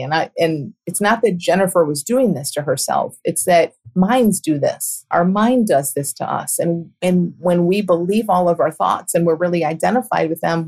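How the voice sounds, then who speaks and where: Middle-aged woman talking things through, earnest and reflective, kinda low voice, laughs softly now and then. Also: breathy edge. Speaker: podcast host and coach. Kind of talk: conversational monologue.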